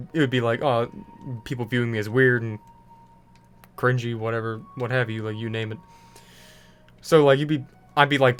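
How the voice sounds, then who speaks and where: A young man ranting casually over gameplay, full of fillers and restarts. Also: medium pitch. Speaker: gaming video creator.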